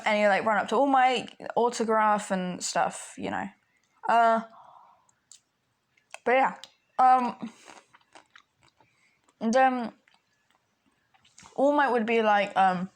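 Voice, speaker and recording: A woman's voice: mid-range voice, fairly even intonation, takes it slowly, pauses often. A woman telling a fan story in a casual, rambling way, full of fillers and restarts.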